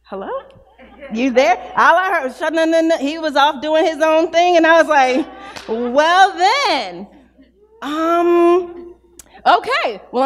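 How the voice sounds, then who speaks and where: A woman in her thirties, a pastor, preaching an animated sermon full of acted-out stories. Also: high-pitched, big-room sound. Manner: animated, storytelling with acted-out quotes.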